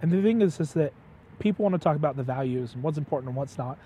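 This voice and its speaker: A man's voice: a little high, quick pace, slight background noise. A man in casual conversation, a father telling stories animatedly and acting out the quotes. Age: adult father. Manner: animated storyteller, acts out quotes. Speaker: podcast guest. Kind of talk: casual chat.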